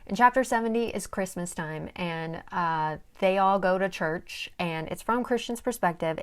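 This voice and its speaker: A young woman casually recapping a novel's plot, chatty and dramatic, swearing and making asides, sometimes reading passages aloud. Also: fairly low pitch. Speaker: book summary vlogger.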